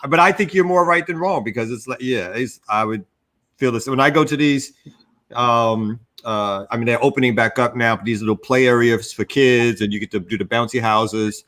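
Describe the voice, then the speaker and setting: A man's voice: mid-range voice, normal speed, fairly bright tone. A man co-hosting a morning talk show, speaking casually and acting out his own reactions. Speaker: show co-host. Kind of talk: casual chat.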